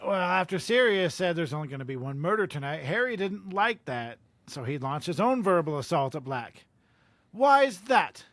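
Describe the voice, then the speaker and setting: A man co-hosting a casual podcast, recapping a book chapter in a brisk, matter-of-fact way. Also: fairly high pitch, lively intonation, fairly bright tone, dry recording. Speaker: podcast co-host. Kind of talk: casual chat and reading aloud.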